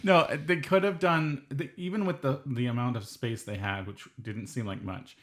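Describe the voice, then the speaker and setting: A man's voice: mid-range voice, fairly even intonation, normal speed, a bit bright. A man co-hosting a podcast, chatting casually and earnestly arguing for what he likes. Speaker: podcast co-host. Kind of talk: casual chat.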